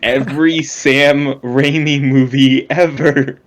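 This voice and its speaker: A young man co-hosting a podcast, jokey and quick to banter. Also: mid-range voice, steady tone. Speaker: podcast co-host. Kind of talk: casual chat.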